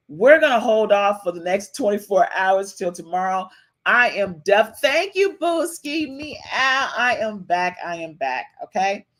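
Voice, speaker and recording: Chatty woman podcast host. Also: lowish voice. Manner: chatty, repeats phrases, frequent "okay?" tags. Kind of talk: casual live-stream commentary.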